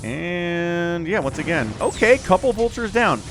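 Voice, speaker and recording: A man giving casual esports commentary as caster, chatty and rambling, getting excitable at the action. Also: high voice, unhurried, faint music behind. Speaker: game caster.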